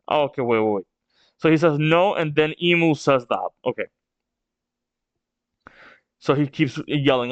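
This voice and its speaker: Excitable man narrating a manga read-along. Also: mid-range voice, normal speed, long pauses, no room sound, dull audio. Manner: excitable, narrating with gasps and exclamations. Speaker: manga reaction channel host. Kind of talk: casual read-along reaction.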